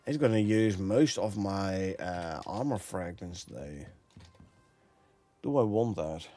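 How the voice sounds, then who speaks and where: A man's voice: low-pitched, lively intonation, slow pace, mellow, faint music behind. Dutch man chatting on a live stream. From Netherlands. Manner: thinks aloud, chats with viewers, laughs often. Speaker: gameplay streamer. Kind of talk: casual live-stream commentary.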